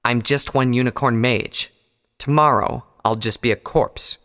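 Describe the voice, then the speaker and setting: A man's voice: mid-range voice, fairly even intonation, a little slow, pushed and bright. A man voicing a condemned female unicorn warrior who speaks coldly and derisively. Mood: scornful. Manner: cold, derisive, growling. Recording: long hall reverb.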